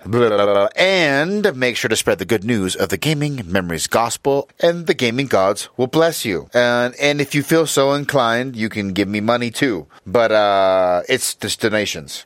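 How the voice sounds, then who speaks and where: A man hosting a podcast, rambling along with jokes and irreverent asides. His pitch swings widely as he talks. The sound is close and dry. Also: animated, moderate pace, fairly bright tone, dry recording. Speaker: podcast host. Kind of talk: casual chat.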